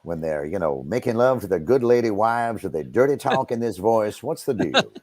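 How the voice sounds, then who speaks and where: A man voicing a middle-aged baseball announcer with a booming broadcaster cadence and a bawdy streak. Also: expressive, normal speed, darkish tone, no room sound. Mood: mock-serious. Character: middle-aged male baseball announcer, smooth and self-important. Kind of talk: radio interview.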